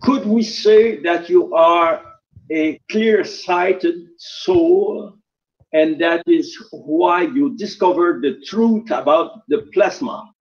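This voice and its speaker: A man's voice: fairly high pitch, lo-fi sound. A man from Quebec with a Quebec French accent, a native French speaker, asking questions carefully as a caller. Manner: careful, deliberate phrasing.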